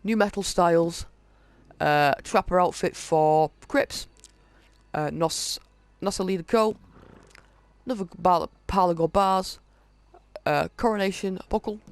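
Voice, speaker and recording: Brief: male gaming host, slightly high voice with gravelly fry, reads item lists haltingly, casual walkthrough tone. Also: dry recording. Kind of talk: casual game walkthrough commentary.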